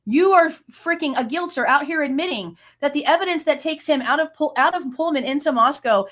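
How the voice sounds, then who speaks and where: Woman, late 30s, true crime host; heated profane rant, voice sits a bit high. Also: expressive, brisk, a bit bright. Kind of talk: angry reaction rant.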